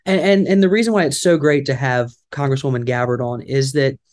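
A man's voice: mid-range voice, fairly even intonation, brisk, a little mellow, no room sound. A man with a Southern American accent hosting a talk show, rambling and folksy, pushing into upbeat promo patter. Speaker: radio show host. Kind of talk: talk radio chat and event promo.

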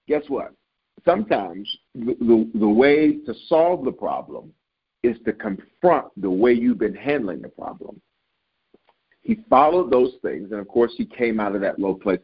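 A man preaching a sermon to leaders, repeating lines for emphasis and swinging his pitch up and down as he builds. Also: expressive, normal speed, breathy edge, highs cut off.

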